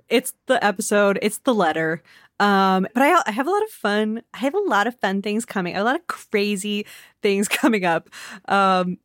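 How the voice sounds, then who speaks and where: A woman's voice: mid-range voice, dry recording, clean studio sound. A young woman hosting a podcast from her living room, chatting casually and self-deprecatingly with lots of "um" and "like". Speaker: podcast host. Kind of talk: casual chat.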